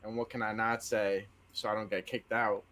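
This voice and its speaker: A man with a somewhat low voice telling fan stories on a sports stream. He acts out what other people said, and his talk is loose and full of "like" and "yo". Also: normal speed. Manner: excitable storyteller, acts out quotes, lots of "like" and "yo". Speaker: co-host of a sports watch-party stream. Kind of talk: casual sports chat.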